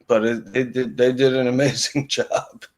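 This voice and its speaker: Male host, mid pitch, playful ribbing. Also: level tone, moderate pace. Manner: jokey, ribbing others. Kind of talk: casual chat.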